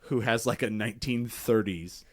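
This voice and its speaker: A man's voice: on the low side, normal speed. A man hosting a casual podcast chat, telling stories with lots of swearing and acting out what people said. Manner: profane, animated storytelling acting out quotes. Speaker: podcast host.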